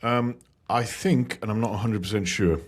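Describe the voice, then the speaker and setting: Laid-back low-voiced man chatting. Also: normal speed. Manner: laid-back, swears, rambling with fillers. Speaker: podcast co-host and commentator. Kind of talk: casual chat.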